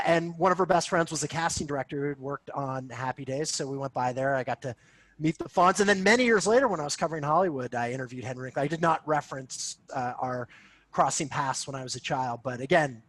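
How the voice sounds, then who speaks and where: A man's voice: medium pitch, fairly quick, fairly bright tone, no room sound. A man co-hosting a casual sports podcast, telling playful anecdotes about meeting celebrities. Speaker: podcast co-host. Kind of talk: casual chat.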